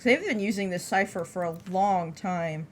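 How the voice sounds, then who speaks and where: A woman's voice: medium pitch, normal speed, slight background noise. A woman streaming a game, chatting casually and reacting with wisecracks. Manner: expressive, wisecracking, reads aloud. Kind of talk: casual live gameplay commentary.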